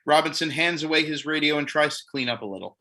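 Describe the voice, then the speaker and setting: A man reads stage directions aloud for a comedic staged play, with dry, deadpan asides. His voice is very bright, forceful and fairly high. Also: fast talker. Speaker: narrator reading stage directions.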